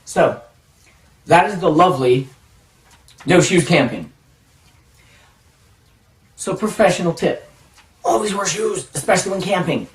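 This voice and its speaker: A man telling a self-mocking personal story in a casual, animated way, acting out the dialogue. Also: high-pitched, measured pace, long pauses. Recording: roomy echo, distant mic.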